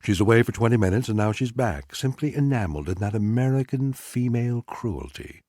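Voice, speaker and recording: Male audiobook reader, husky low voice, lively expressive reading, dry close sound. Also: fairly quick, no room sound. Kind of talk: literary story narration.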